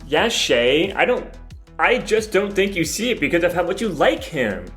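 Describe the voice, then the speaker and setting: Guy cohost stumbling through his lines laughing, lively voice. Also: high-pitched, normal speed, faint music behind. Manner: laughs while reading, stumbles on words. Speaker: podcast cohost reading a part. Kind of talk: comedic table read.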